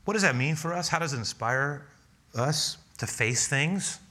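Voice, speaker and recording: A man preaching a sermon, telling a personal story with lively laughter and acted-out dialogue. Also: a little high, moderate pace. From a city. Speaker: pastor.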